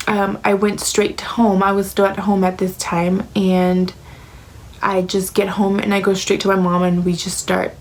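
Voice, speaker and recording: A young woman in her twenties talks straight to her camera in a personal life update. Her voice sits at a middle pitch, and she leans heavily on "like" and "um" as she tells her story with open emotion. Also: monotone, a little slow, rough recording. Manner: emotional, heavy filler words like "like" and "um". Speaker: vlogger.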